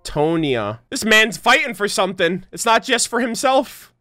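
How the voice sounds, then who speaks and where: Excitable high-voiced male gamer. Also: moderate pace, no echo, clean studio sound. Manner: excitable, swears freely, rambling. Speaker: gaming reaction youtuber. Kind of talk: casual reaction commentary. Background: trailer music.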